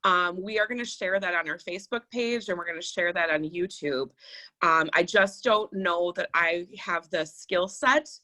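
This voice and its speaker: Bright-voiced woman chatting on a podcast. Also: fairly low pitch, normal speed. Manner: rambling, reflective, many fillers. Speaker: podcast co-host. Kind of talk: casual chat.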